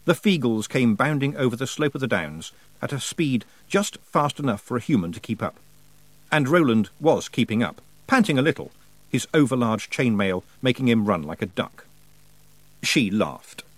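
A man narrating a story in an expressive storytelling manner. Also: mid-range voice, moderate pace, dry recording, poor audio. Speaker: audiobook narrator. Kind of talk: scripted narration.

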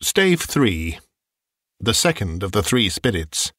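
A man narrating a classic novel in an expressive, measured storytelling style. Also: on the low side, no room sound, clean studio sound. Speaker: audiobook narrator.

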